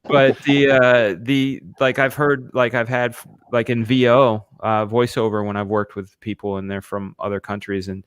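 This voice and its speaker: A man co-hosting a casual streamed chat, rambling in an animated way and filling his talk with "you know". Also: medium pitch, moderate pace, hardly any pauses, smooth, no room sound. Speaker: co-host and storyboard artist.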